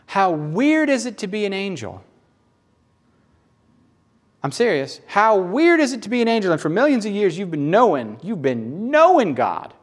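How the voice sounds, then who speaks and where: A man with a Southern US accent preaching a sermon, animated and folksy, acting out little voices and jokes. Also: high-pitched, moderate pace. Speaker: pastor.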